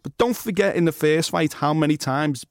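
A man's voice: fairly high pitch, moderate pace, gravelly, no room sound, studio quality. A man, a boxing journalist co-hosting a podcast, talking emphatically and swearing freely. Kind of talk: casual podcast chat.

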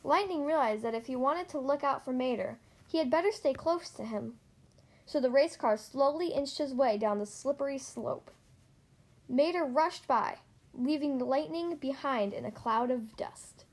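A woman reading a children's storybook aloud in a gentle, expressive way. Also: high-pitched, normal speed. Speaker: storybook reader.

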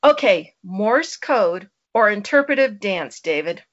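Middle-aged woman, lively swinging pitch, teasing casual chat, dull recording. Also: measured pace. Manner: glib, teasing.

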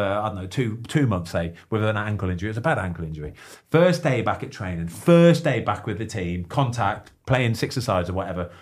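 Animated man telling a rambling story. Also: fairly low pitch. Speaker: podcast host. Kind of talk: casual chat.

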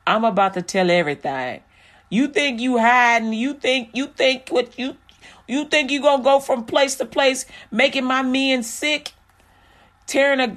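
A woman voicing God as an angry male figure, scolding and commanding. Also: lowish voice. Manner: scolding, preachy.

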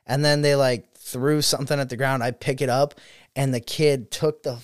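A man's voice: medium pitch, moderate pace, smooth, no echo, studio quality. A young man, a student teacher, telling stories in a casual chat, swearing freely and laughing as he goes. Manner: profane, laughing, animated storyteller.

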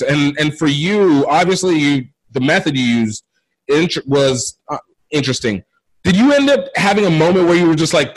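A male interviewer with a fairly high voice that swings around a lot, putting casual, rambling questions to his guest. His speech is packed with fillers and easy restarts. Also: low-quality recording. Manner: loose, filler-heavy questions.

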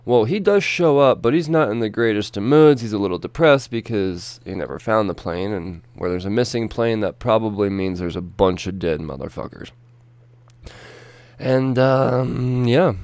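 A man's voice: fairly low pitch, darkish tone, clean tone, no echo. A young man casually retelling a story in a rambling, profane way, full of fillers and restarts.

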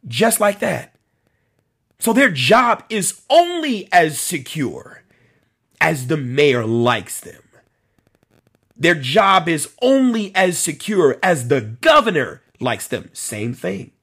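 Husky man hosting a live stream. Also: on the high side, very animated, takes it slowly, a bit bright. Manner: conversational, repeats phrases for emphasis, addresses commenters by name. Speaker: host of a policing talk show. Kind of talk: live-stream commentary reading viewer comments.

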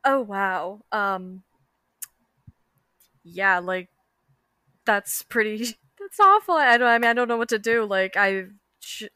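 A woman's voice: mid-range voice, expressive, takes it slowly, pauses often, pushed and bright, clear, resonant tone, dry recording. A woman playing in a tabletop game, describing her character's reactions. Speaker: player. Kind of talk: casual tabletop play.

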